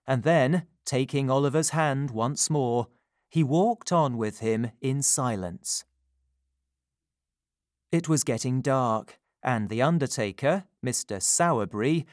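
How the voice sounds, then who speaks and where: A man reading a classic story aloud in a calm, measured narration. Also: medium pitch, no room sound, clean studio sound.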